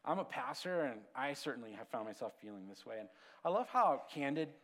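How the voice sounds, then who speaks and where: A man preaching a sermon as pastor, conversational and animated, swinging from lively storytelling to quiet, hushed asides. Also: medium pitch, a little fast. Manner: conversational, animated storytelling with sudden drops to a hush.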